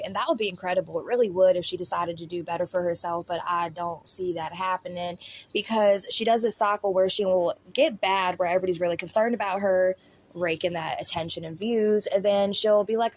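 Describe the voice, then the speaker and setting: A woman's voice: medium pitch, fast talker, a little mellow, slight background noise. A woman hosting a critical commentary video, blunt, sarcastic and profane. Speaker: commentary host.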